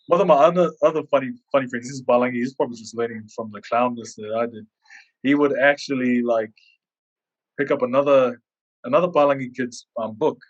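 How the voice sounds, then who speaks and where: A man chatting on a podcast with a middle-pitched voice, telling school stories with lively energy. He acts out the people he quotes. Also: rough recording.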